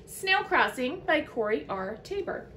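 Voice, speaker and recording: A woman teacher reading a children's picture book aloud to young listeners, in an expressive storytelling manner. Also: high-pitched, measured pace, slight background noise.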